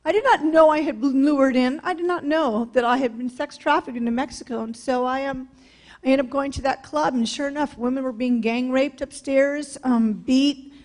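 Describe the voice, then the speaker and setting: A woman's voice: sits high, moderate pace, darkish tone. A woman from California giving a public talk in a blunt, candid storytelling manner. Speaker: speaker sharing her testimony. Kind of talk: public talk, personal testimony.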